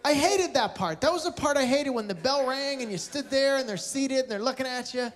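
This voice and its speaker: A man's voice: very high voice, expressive, a little fast. A man doing stand-up comedy with crowd work, blunt and teasing, from Canada with a Canadian accent. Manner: sarcastic, blunt, teasing the audience. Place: large live venue with audience laughter.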